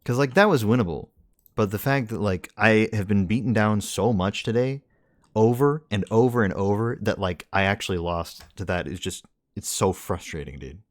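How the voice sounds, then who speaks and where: A man's voice: fairly low pitch, normal speed. A young man streaming a game, tired and venting in an exasperated, repetitive rant about losing. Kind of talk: frustrated gaming rant.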